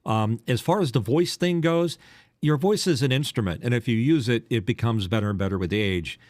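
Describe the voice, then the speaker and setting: A man's voice: mid-range voice, a little fast, darkish tone, no echo. An older man, a former radio DJ, co-hosting a casual podcast chat, teasing and telling stories with a trained broadcast delivery.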